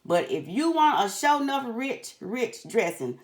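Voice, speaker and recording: A woman's voice: fairly high pitch, sing-song, measured pace. An older woman teaching a recipe in a chatty way, often calling her viewers honey. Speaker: home cook. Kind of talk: cooking tutorial.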